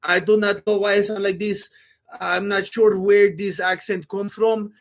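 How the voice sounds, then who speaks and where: A man putting on a slow, halting, mock-polite voice for a falsely humble boxer champ with a Mexican Spanish accent. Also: high voice, level tone.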